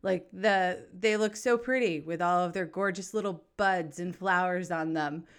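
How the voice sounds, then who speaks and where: A woman's voice: fairly low pitch, measured pace, clear, resonant tone. Congested, bubbly New England woman host. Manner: bubbly, chatty, swears casually. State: congested, nasal from allergies. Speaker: podcast host. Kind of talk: casual chat.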